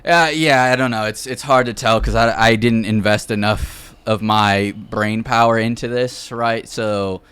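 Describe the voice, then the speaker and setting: A man's voice: lowish voice, steady tone, measured pace, few pauses, a bit bright, smooth, dry recording. A man hosting a podcast, giving his views in a hedging way full of fillers. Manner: hedging, filler-heavy talk. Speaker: podcast host. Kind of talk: casual podcast chat.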